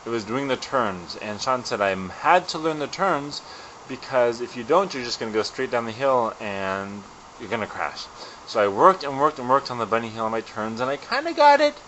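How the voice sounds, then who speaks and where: Bright-voiced man telling a vlog story. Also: medium pitch, a little hiss or hum, rough recording. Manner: animated, self-deprecating storyteller. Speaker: vlogger.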